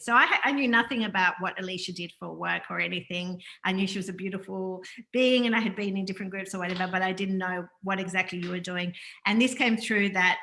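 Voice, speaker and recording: A woman's voice: medium pitch, quick pace, bright, forceful tone. A woman hosting a casual spiritual interview over a video call, effusive and rambling as she reads aloud and praises her guest. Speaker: interview host.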